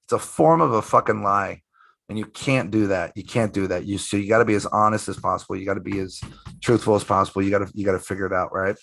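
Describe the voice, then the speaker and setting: A man's voice: lowish voice, fairly even intonation, fast, gravelly, fairly bright tone, no room sound. A middle-aged man from the United States, a magician guest, telling a story emphatically, swearing, and repeating himself as he talks. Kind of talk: casual interview storytelling.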